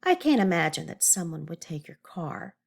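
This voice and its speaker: A calm, firm mother speaks slowly and reasons with her son, as a woman reader voices her. The storybook voice stays measured and patient. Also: on the low side, gravelly, heavily acted. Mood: doubtful.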